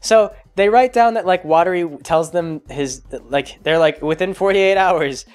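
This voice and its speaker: Guy ranting thru a movie recap, sarcastic, lots of likes and uhs, highish voice. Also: animated, measured pace, a little mellow, smooth. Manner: rambling, filler-heavy, sarcastic. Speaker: video blogger.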